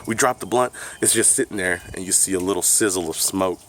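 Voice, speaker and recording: A man's voice: deep voice, a little fast, a bit bright, slight background noise. A man telling a story on his vlog, laid-back and profane, often laughing as he talks. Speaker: vlogger. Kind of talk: casual storytime.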